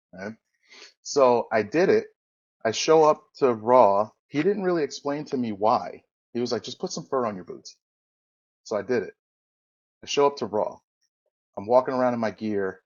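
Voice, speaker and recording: The audio is dull as this ex-wrestler, a podcast guest with a lowish voice, tells a lengthy story in a relaxed interview. He wanders, fixes his own slips, and performs the quoted lines.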